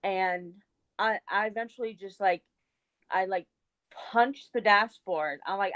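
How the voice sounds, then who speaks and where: A woman's voice: medium pitch, measured pace, a bit bright, low-quality recording. A woman co-hosting a casual chat show, telling a long personal story with many fillers. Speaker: co-host.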